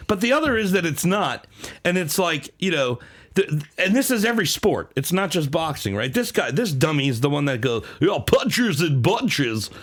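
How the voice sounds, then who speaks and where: A man's voice: fairly high pitch, a little fast. A man co-hosting a comedy podcast, chatting casually and jokily, often slipping into a mock sports announcer voice. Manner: jokey, animated, keeps slipping into a mock announcer voice. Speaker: podcast co-host.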